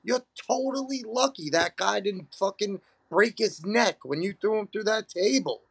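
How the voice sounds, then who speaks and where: Gravelly man in his thirties, emphatic. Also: sits high, expressive, moderate pace, a bit bright, no echo. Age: 30s. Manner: emphatic, profane, calls others bro. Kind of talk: casual chat.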